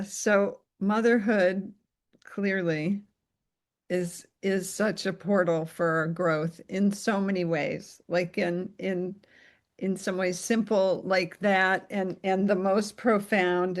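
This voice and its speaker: A woman in a candid conversation, speaking in a measured, affirming way. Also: medium pitch.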